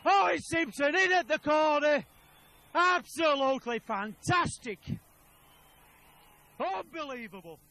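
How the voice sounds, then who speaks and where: Guy doing old rugby league commentary, really high bright voice, goes up to full-on yelling on tries, bit lo-fi. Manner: rapid play-by-play, shouting at tries, repeats player names. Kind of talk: excited match commentary.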